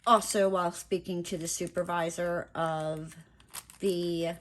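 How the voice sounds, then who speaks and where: A woman's voice: fairly low pitch, fairly even intonation, unhurried, a little hiss or hum. A woman vlogger chatting casually while she crafts, telling a story in a blunt, profane way, full of "like" and asides.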